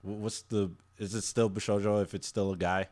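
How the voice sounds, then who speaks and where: A man's voice: on the low side, little pitch movement, fairly quick, darkish tone. A man co-hosting a casual podcast, laughing often and stumbling over his words as he recaps episodes. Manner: laughs often, stammers and restarts. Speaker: podcast co-host. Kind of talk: casual chat reviewing anime.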